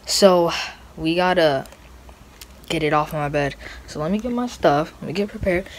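A woman's voice: deep voice, moderate pace. Playful woman narrating a homemade skit. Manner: playful, jokey. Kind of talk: casual skit narration to camera.

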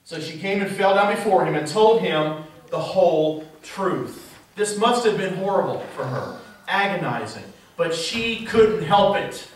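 Heard from afar in a very reverberant sanctuary, a pastor delivers his sermon at a measured pace, his expressive voice sitting high. He keeps posing rhetorical questions to the congregation.

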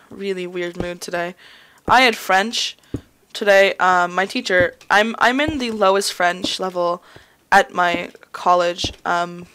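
A woman's voice: medium pitch, a bit bright, clean tone. A young woman in her college years chatting and rambling to herself while hosting casual gameplay commentary. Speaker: gaming video host.

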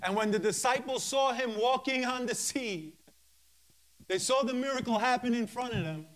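A male minister preaching a sermon, reading scripture verse by verse with emphatic pauses and fervent interjections of hallelujah and praise. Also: extremely high pitch, fairly bright tone.

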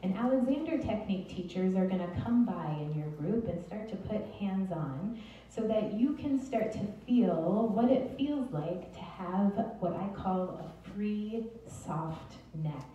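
A woman teaching the Alexander Technique, gently and encouragingly guiding a group through an exercise step by step. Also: medium pitch, expressive, a little slow, muffled recording. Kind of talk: guided group exercise instruction. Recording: roomy distant mic with faint noise.

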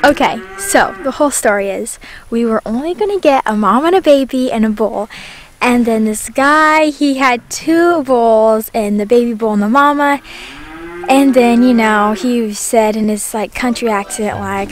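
Texan woman, homestead vlogger, slightly high voice, chatty and gushing, soft music under. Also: measured pace. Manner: bubbly, says y'all constantly. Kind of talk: casual chat to camera. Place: outdoors on a farm.

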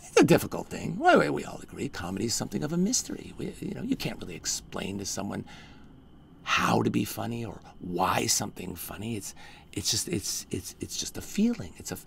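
A man performing a live one-man storytelling show, halting and full of restarts, often dropping into hushed murmurs. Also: on the low side, sing-song, vocal fry, slight background noise.

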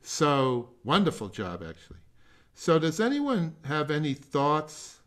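An older man leading a remote music masterclass over a video call, giving feedback in a halting, rambling way with self-deprecating jokes. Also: a little high, big pitch swings.

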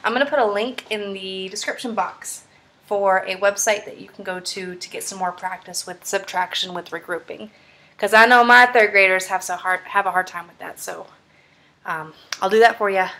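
A woman's voice: medium pitch, moderate pace, bright, forceful tone. A young woman, a third-grade math teacher, walking through problems step by step in an upbeat, encouraging way. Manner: upbeat, encouraging, walks through steps aloud. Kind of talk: screen-recorded math tutorial.

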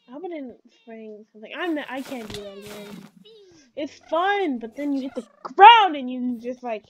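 Excitable high-voiced woman gaming. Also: moderate pace, slight background noise. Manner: chatty, excitable, talks to the game. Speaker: let's play gamer. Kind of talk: casual game commentary.

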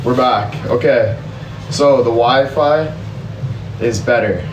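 Upbeat man vlogging live outdoors, distant and echoey phone sound, loud ambience behind. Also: mid-range voice, slow, lo-fi sound, noisy background. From Canada. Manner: upbeat, addresses viewers directly, reads out chat. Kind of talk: casual live-stream chat. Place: outdoors by the sea.

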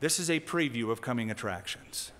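A man preaching a sermon as a pastor, teaching in a conversational way with lively emphasis. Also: mid-range voice, fairly quick, in a large hall. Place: church sanctuary.

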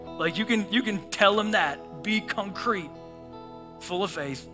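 A male pastor preaching a sermon in a church auditorium, animated and acting out the voices of the people in his stories. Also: high-pitched, unhurried, over music. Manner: animated, acts out voices in scripture and prayers.

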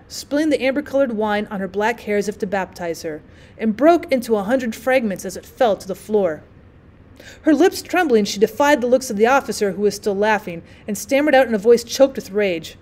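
A woman's voice: a little high, expressive, fairly quick, a little mellow. Woman reading a classic story aloud.

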